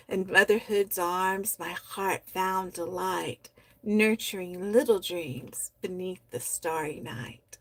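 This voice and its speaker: A woman at a middle pitch reads poems at an unhurried, lingering pace, soft-spoken and heartfelt. Between pieces she chats warmly about the writing as a poetry stream host. The sound is dry and close, with no room around it. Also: no echo. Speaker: host of a poetry society livestream. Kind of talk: reading members' poems aloud and commenting.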